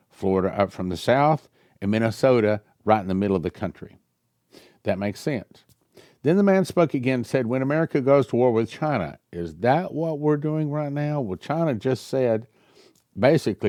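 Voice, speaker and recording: Animated preaching man, lively pitch. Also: no echo, clean studio sound. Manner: animated, rising loud when reading quotes, musing asides. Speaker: pastor. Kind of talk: sermon with read-aloud prophecy and commentary.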